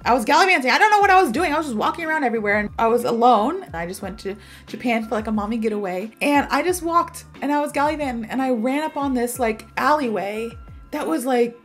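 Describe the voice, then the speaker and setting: A woman explains a vocabulary word in a chatty, animated style, rambling through stories. Her voice sits a little high. Soft music plays faintly behind her. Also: fast talker. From American South. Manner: chatty, animated storytelling with many fillers. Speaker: English teacher. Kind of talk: casual video lesson.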